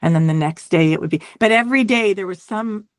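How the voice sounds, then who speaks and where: A middle-aged woman telling her story as an interview guest, reflective and halting, often restarting and checking in with "right?". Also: medium pitch, no room sound, studio quality. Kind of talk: conversational interview.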